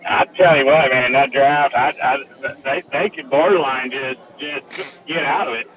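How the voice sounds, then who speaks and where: Laid-back co-host over crowd chatter. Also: male voice, mid-range voice, measured pace, poor audio. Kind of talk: casual sports chat. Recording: crowd noise in background.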